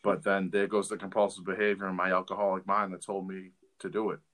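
A man's voice: sits low, flat delivery, fast, fairly bright tone. A middle-aged man and father co-hosting a recovery podcast, telling candid stories in a blunt, casual way. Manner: candid, blunt storytelling with fillers and restarts. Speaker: podcast co-host.

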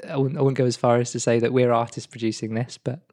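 A man's voice: mid-range voice, level tone, fast talker, darkish tone. A man with a West Country accent, co-hosting a podcast in a reflective, rambling chat with frequent laughs. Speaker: podcast co-host. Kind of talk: casual chat.

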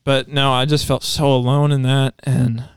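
A man of middling pitch tells a personal testimony in casual podcast chat, rambling and restarting as he goes. His voice is exceptionally smooth and resonant. The sound is dry and close, with no room around it. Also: little pitch movement, moderate pace, no echo. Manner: earnest, rambling storytelling with many restarts. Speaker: podcast co-host.

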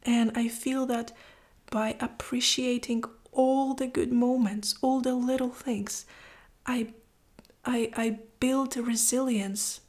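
A woman speaking in a heartfelt, reflective personal monologue, often dropping to a soft whisper and moved to tears. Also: fairly high pitch. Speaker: vlogger.

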